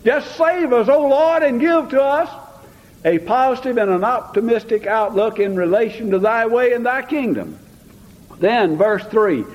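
A man's voice: extremely high pitch, lively intonation, normal speed. An older man preaching a folksy sermon, mixing homespun stories with fervent calls to the Lord. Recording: dull lo-fi sound with long hall reverb.

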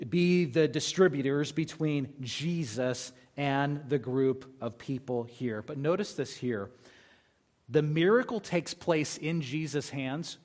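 A man's voice: mid-range voice, a little mellow. A man preaching a sermon as pastor, talking conversationally and reading scripture aloud between his points.

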